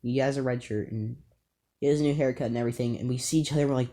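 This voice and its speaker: A man's voice: medium pitch, steady tone, very fast, warm tone. Rambling male YouTuber telling school stories. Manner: rambling, filler-heavy, amused. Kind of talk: casual storytelling to camera.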